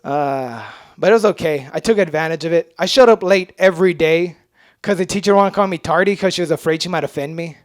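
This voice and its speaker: A man doing a stand-up comedy set, self-mocking and jumping into loud voices when he acts out people. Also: fairly high pitch, fast, no room sound, studio quality. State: sweating.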